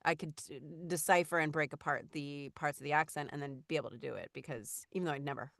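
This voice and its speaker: A woman's voice: low voice, fast, vocal fry, fairly bright tone, no echo, studio quality. A woman in her thirties, a voice actor, chatting casually in an interview with many fillers and restarts. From Los Angeles. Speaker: voice actor guest.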